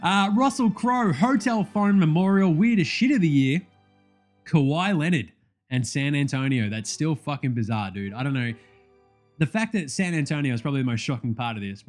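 A man with an Australian accent giving a casual, profane, jokey rant about sport. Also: fairly high pitch. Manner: profane, blunt, jokey banter. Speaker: sports vlogger.

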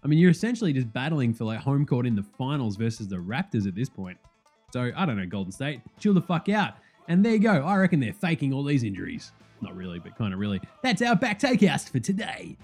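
Animated, sweary host, lively pitch, light music bed. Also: male voice. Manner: animated, profane, fast rambling. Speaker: podcast host. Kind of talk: casual sports chat.

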